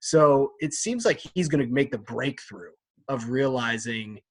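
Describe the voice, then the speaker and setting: A man's voice: medium pitch, lively intonation, a little slow. A man with a mid-range voice leading a casual book club chat. He talks in an easy, rambling way and laughs often as he steers the conversation. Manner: chatty, laughs often, leads the discussion. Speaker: podcast co-host.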